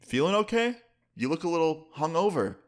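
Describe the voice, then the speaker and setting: A man's voice: medium pitch, animated, fairly quick, close to an everyday voice. A man voicing an angry, suspicious middle-aged father who interrogates and swears at teenagers.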